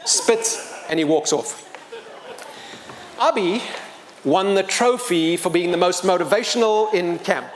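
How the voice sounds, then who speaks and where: Animated man telling a story live. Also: high-pitched, moderate pace, a little hiss or hum. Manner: animated, self-mocking humor, wide swings in loudness. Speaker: storyteller and motivational speaker.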